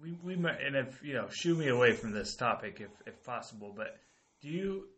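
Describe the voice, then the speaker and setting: A man's voice: mid-range voice, animated, brisk, fairly bright tone. A man hosting a podcast, asking questions cautiously and hedging before he gets to the point. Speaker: podcast host. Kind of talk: casual podcast interviewing.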